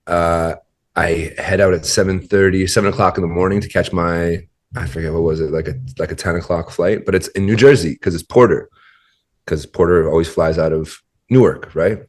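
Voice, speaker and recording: Low-voiced man telling a rambling story. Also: steady tone, normal speed. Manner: rambling, many fillers and restarts. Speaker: podcast guest. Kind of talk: casual storytelling.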